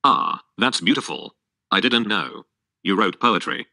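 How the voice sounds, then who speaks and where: A male text-to-speech voice reading the lines of a talkative, blunt male donkey in a flat, synthetic way. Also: deep voice, unhurried, vocal fry, no echo, clean studio sound, full character voice. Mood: chatty.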